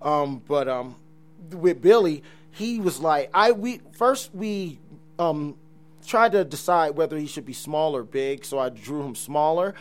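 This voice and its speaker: A man from New Jersey, a comic book artist, chatting casually and animatedly, laughing often and trailing off quietly at times. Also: a little high, unhurried. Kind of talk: casual chat.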